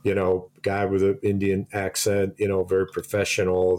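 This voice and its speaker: A man's voice: low-pitched, monotone, normal speed, few pauses, a little mellow. A middle-aged man telling long anecdotes in casual chat, laughing often and restarting his sentences. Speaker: podcast co-host.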